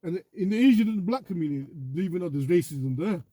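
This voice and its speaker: A man talking fast in a relaxed back-and-forth chat, his voice dark and a bit husky. He rambles, brags and swears, and keeps checking in with "you know what I mean?" His pitch sits a little high for a man. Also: no room sound. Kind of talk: casual chat.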